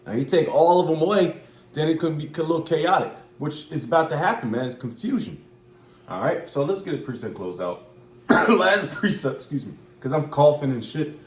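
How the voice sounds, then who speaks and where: A man's voice: on the high side, expressive, moderate pace. Echoey, loose-talking man preaching. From United States. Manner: loose, repetitive, profane street talk. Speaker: religious commentator. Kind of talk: casual preaching commentary. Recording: echoey room.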